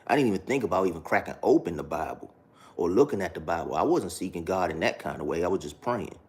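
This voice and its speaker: Low-ish voiced guy telling his testimony, slow, repeats himself a lot, slangy. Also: expressive, a little mellow. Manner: slow, halting, repetitive, street slang. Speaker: vlogger sharing his testimony. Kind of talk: casual spoken testimony.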